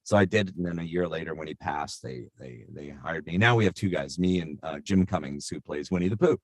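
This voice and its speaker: A middle-aged man, a voice actor, telling stories in an animated, chatty way with plenty of fillers. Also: low-pitched, a little fast, no room sound, clean studio sound. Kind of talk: anecdotal storytelling.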